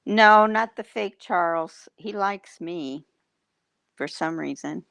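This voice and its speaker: Woman livestream host: slow, smooth, teasing chatter with fillers, dry close sound. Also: lowish voice, a bit bright, dry recording. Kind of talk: casual livestream chat.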